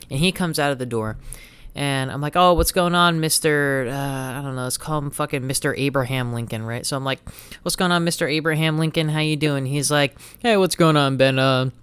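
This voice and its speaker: A man's voice: mid-range voice, clean tone, no room sound. Chatty young man telling a story. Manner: animated storyteller acting out quotes, loose and profane. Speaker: podcast host. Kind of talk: casual storytelling chat.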